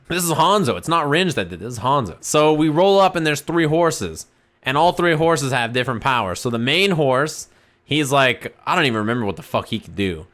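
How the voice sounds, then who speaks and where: A man's voice: on the high side, a little fast. A man streaming, casually telling a rambling, profanity-laced story to his chat. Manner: animated, profane, rambling anecdote.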